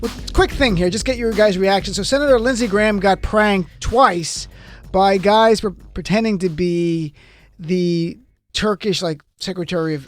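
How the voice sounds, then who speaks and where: Male host for panel talk show; high-pitched, lively, laughs a lot. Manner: animated, quick to laugh.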